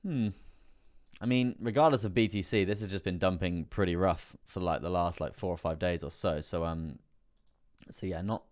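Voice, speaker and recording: Hosting a relaxed crypto stream, a man goes over price charts at a moderate pace in a low, somewhat mellow voice. He laughs often and tends to repeat his words.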